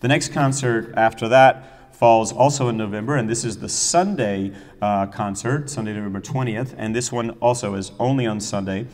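Middle-aged male music director, chatty and enthusiastic, low voice, long echo of a hall. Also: moderate pace, hardly any pauses, a little mellow. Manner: chatty, enthusiastic storyteller with fillers. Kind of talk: casual season announcement talk.

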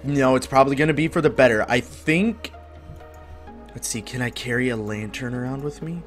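A man's voice: medium pitch, normal speed, soft background music. Upbeat man chatting over gameplay. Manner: upbeat and rambling, swears casually. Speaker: gaming video host. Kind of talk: casual gameplay commentary.

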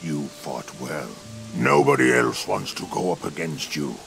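An actor playing a stern male arena master in a video game, speaking in a commanding, gravelly way. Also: extremely low pitch, big pitch swings, a little slow, fairly bright tone, soft background music, exaggerated voice.

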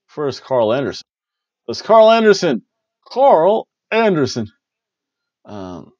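A man's voice: medium pitch, darkish tone, dry recording, highs cut off. A man hosting a casual wrestling review, rambling and joking as he recaps matches. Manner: rambling, jokey, repeats catchphrases.

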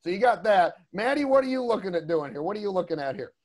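Chatty high-voiced male instructor. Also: sing-song, fast, darkish tone. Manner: rambling, chatty, lots of "you know what I mean". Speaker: creature design instructor. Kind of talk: casual online class talk. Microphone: video call.

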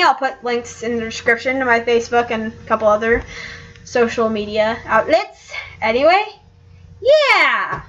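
Bright-voiced woman doing casual game commentary. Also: on the high side, dull audio. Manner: joking, offhand. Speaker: let's play host.

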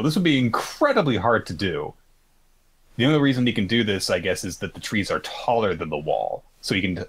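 A man's voice: on the low side, husky. A man co-hosting a podcast, retelling a story in a rambling casual chat with lots of fillers and the odd swear. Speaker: podcast co-host.

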